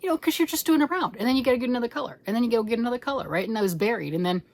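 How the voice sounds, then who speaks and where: A middle-aged woman hosting a crochet channel, chatting excitedly at home while showing a blanket she is making, and sometimes dropping into a whisper. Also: on the high side, very fast. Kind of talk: casual show-and-tell chat.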